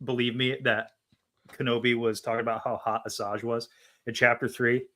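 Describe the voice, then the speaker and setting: A man's voice: mid-range voice, level tone, moderate pace, bright, forceful tone. A man co-hosting a casual book club livestream, arguing his point emphatically and with disbelief. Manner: emphatic, incredulous.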